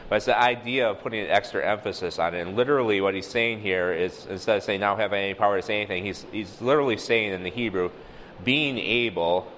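A man's voice: low-pitched, fairly bright tone, long reverb tail, a little hiss or hum, rough recording. A man teaching a casual sermon, talking through a passage with many fillers and acting out quoted dialogue. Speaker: lay preacher.

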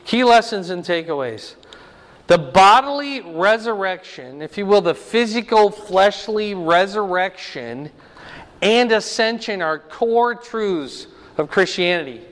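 A man teaching a Bible lesson verse by verse, explaining slowly and checking in with "right?" and "okay?". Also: sits high, lively intonation, fairly bright tone, big-room sound.

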